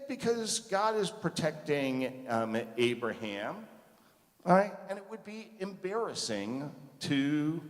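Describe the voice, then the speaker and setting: A man gives a slow, conversational lesson to a congregation and keeps asking the room questions. His pitch rises and falls a lot as he speaks. His voice carries the long reverb of a large sanctuary. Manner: conversational, asks the audience questions, frequent "okay?" and "right?". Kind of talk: teaching talk to a congregation. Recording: reverberant hall.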